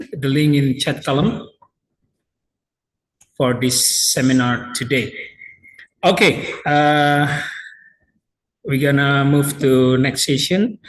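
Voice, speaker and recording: A man's voice: mid-range voice, low-quality recording. A man moderating a seminar, making polite, repeated announcements. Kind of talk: formal moderating.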